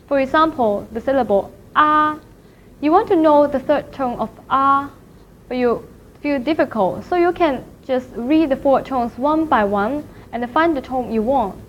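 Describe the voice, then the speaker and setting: Slow high-voiced woman teaching tones. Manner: careful, demonstrates tones by exaggerating pitch. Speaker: Chinese language teacher. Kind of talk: slow, clear classroom lecture. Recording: slightly dull lo-fi audio with faint noise.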